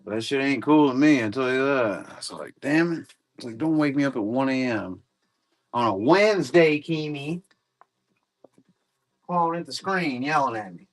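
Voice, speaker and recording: A man with an animated, medium-pitched voice talks at a moderate pace as he runs a live card-break stream. The chat is casual and rambling, laid-back, and includes some swearing.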